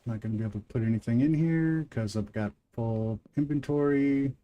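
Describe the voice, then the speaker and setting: The recording has its highs cut off, and the man speaks fairly quickly in a mid-range voice. He's a Midwestern livestream gamer host with a twang, casually rambling to viewers between game moves.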